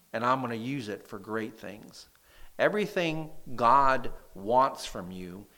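A man preaching a sermon in a church, with a nasal voice and lively emphasis when reading scripture. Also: medium pitch. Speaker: pastor.

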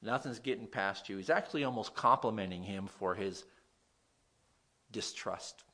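A man's voice: lowish voice, normal speed. A man preaching a sermon in a conversational way, often putting questions to his listeners. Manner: animated, conversational, asks the audience questions.

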